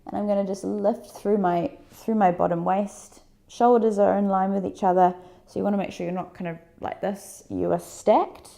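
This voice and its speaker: A woman with a medium-pitched, gravelly voice coaches a workout. Her breathing and movement cues are calm, mixed with conversational asides.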